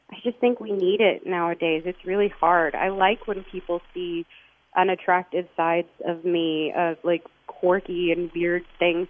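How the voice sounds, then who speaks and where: Woman from Texas on a tinny phone line. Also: on the low side. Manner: earnest, reflective, restarts her sentences. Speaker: guest interviewee. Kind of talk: phone interview.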